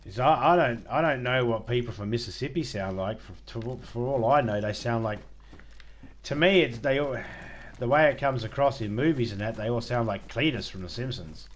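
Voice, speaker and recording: Casual Australian male streamer, mid-pitched, rambling and self-deprecating, swears easily. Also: normal speed. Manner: rambling, laid-back, self-mocking, swears freely. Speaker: game streamer chatting with viewers. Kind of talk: casual live-stream chat.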